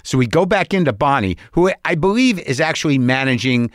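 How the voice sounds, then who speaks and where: A man in his sixties, telling a long story in casual monologue, animated and exasperated, swearing and acting out both sides of the dialogue. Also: mid-range voice, a little fast, dry recording, studio quality.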